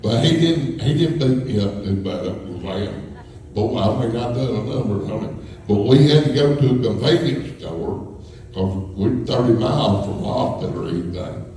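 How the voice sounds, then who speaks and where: A man's voice: mid-range voice, expressive, normal speed, mellow. A man telling folksy, rambling stories to a live audience, chuckling as he goes. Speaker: storyteller. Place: school hall with a live audience. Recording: echoey hall from far off, faint hum.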